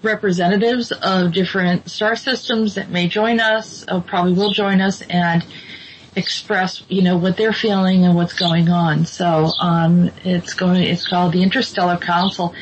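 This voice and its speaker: A woman's voice: lowish voice, steady tone, normal speed. A woman hosting a casual talk show, speaking hesitantly with many ums and restarts. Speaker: host. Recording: dull lo-fi sound with faint noise.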